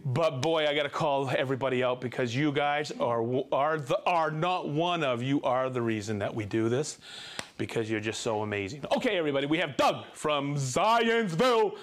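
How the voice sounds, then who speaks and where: A man hosting a casual live tool demo stream, chatty and excitable, calling out viewers. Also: mid-range voice, moderate pace. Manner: excitable, bursts into shouts of joy; chatty, reads viewer shout-outs.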